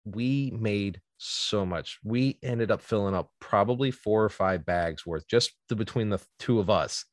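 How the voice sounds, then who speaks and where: A man's voice: on the low side, measured pace, few pauses, no room sound, clean studio sound. A man in his thirties telling a casual story, laughing often and acting out what people said. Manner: animated, laughs often, acts out quotes.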